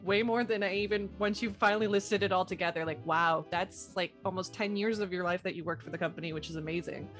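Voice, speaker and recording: Woman in her 30s cohosting a podcast, chatty and jokey, soft music behind. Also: lowish voice, fast, hardly any pauses. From Canada. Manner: chatty, self-mocking, acts out quoted voices. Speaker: podcast co-host. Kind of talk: casual chat.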